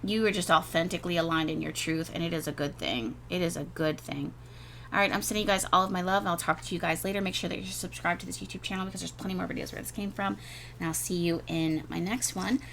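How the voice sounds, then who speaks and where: A woman giving a casual tarot reading, rambling and gushing, repeating words and filling pauses as she goes. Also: on the low side, fairly even intonation, vocal fry, a bit bright, slight background noise. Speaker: tarot reader.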